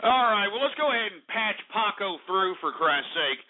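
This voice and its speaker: A man hosting a call-in radio show, ranting loudly and brashly and swearing often. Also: high-pitched, animated, moderate pace. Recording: narrow phone-like radio sound with faint music.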